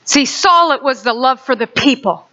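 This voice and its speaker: A woman preaching a sermon, animated, acting out a story for her listeners, on a dull lo-fi recording. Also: sits high, moderate pace.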